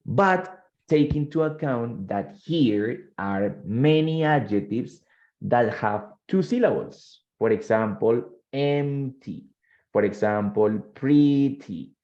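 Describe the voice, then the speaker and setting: Man, English teacher, bilingual classroom lesson, warm tone, muffled recording. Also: fairly low pitch, unhurried. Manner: switches between English and Spanish, quizzes students.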